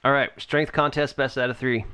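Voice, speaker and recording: A man's voice: medium pitch, fairly even intonation, a little fast, sharp tone, clean tone. A man narrating a tabletop game as game master, casual and hesitant.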